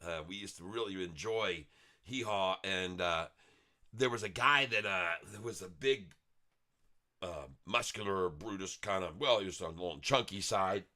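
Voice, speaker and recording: A man's voice: sits low, moderate pace, pushed and bright. A man hosting a casual day-trading livestream, goofy and joking, making rhymes as he chats. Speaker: livestream day trader host.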